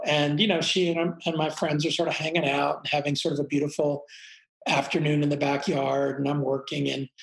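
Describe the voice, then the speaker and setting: A middle-aged man tells a personal story in a frank, reflective way, cursing offhandedly. His voice has a gravelly edge. The room adds a noticeable echo. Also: on the high side. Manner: reflective, frank, swears casually. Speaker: guest telling a personal story. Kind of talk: candid storytelling conversation. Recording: roomy echo.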